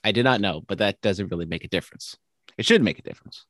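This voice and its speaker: A man's voice: lowish voice, fast, fairly bright tone, no echo, clean studio sound. A man co-hosting a podcast in casual banter, jokey and teasing. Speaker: podcast co-host.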